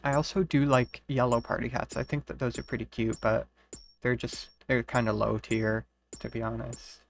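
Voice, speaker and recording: A streamer chatting casually to viewers while playing, dry and monotone, rambling and swearing now and then. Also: medium pitch, normal speed, gravelly. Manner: rambling, profane, talks to chat. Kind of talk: casual live-stream chat.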